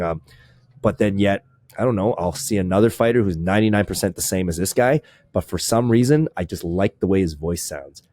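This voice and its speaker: A man's voice: deep voice, a little fast, warm tone, no echo. A man hosting a podcast in casual chat, rambling, swearing freely and restarting his sentences often. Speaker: podcast host.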